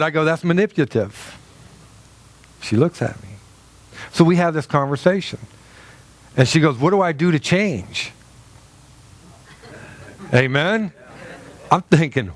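A man's voice: a little high, animated, normal speed, pauses often. A middle-aged man preaching a sermon as a pastor, telling a story in a loose, conversational way with many fillers and restarts.

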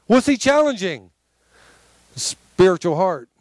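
A man's voice: sits high, big pitch swings, takes it slowly, darkish tone, no echo. A man preaching a sermon to a congregation, emphatic and conversational, calling out for responses. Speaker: pastor.

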